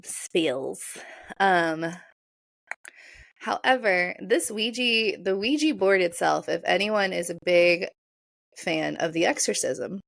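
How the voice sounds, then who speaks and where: A woman's voice: fairly low pitch, takes it slowly, gravelly, fairly bright tone, dry recording. A woman co-hosting a casual podcast, giggling and rambling as she chats, sometimes tripping over her words. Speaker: podcast co-host. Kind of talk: casual chat.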